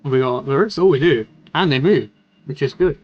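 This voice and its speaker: A man's voice: medium pitch, moderate pace, dull audio. A young man streaming casual commentary, rambling loosely with fillers and the odd swear. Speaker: streamer reviewing music. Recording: faint music in background. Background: faint music.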